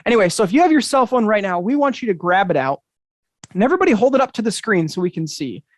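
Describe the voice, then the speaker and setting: A man's voice: high-pitched, big pitch swings, fast, no room sound. A man hosting an interactive magic show over a video call, talking to the audience with upbeat, enthusiastic patter. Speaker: magician and host.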